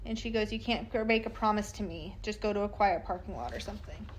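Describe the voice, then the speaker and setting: A woman's voice: mid-range voice, quick pace, a little hiss or hum. A woman telling a true crime story by reading text messages aloud, in a plain, matter-of-fact way with casual asides.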